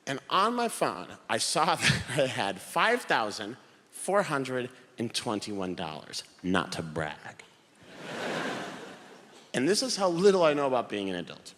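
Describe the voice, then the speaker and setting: A young man performing a stand-up routine on stage, telling animated stories and acting out the people in them. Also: medium pitch, measured pace. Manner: animated storytelling, acts out quoted voices. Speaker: stand-up comedian. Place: theater stage with live audience. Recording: live hall with room reverb.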